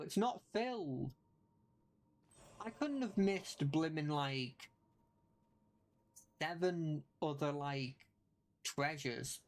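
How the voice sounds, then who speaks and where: A young adult game streamer giving live commentary, talking to themselves, chanting repeated spell calls and ending sentences on a rising, question-like lift. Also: medium pitch. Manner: talks to self, repeats spell calls rapidly; sentences rise at the end like questions.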